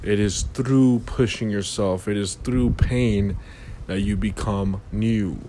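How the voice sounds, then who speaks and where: A man's voice: lowish voice, steady tone, takes it slowly, mellow, a little hiss or hum. A man hosting a casual motivational monologue, rambling and philosophical, with lots of "you know".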